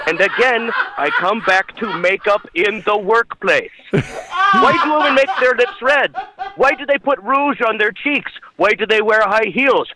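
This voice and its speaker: Man doing a pompous, high, bright professor. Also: lively intonation, unhurried, exaggerated voice, poor audio. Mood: mock-solemn. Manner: mock-solemn lecturing, then shouting rants. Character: pompous lecturing male professor, middle-aged, self-important. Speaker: call-in caller. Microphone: phone call-in.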